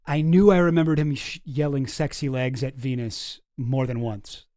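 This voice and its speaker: A streamer chatting casually on a live stream, excitable, laughing often and swearing freely. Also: mid-range voice, moderate pace, very noisy. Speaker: streamer reacting to a clip.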